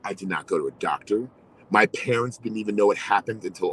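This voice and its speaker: A middle-aged man hosting, telling a story in casual, animated chat. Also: on the low side, brisk, slight background noise, rough recording. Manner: animated, swearing, storytelling with quoted voices. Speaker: host.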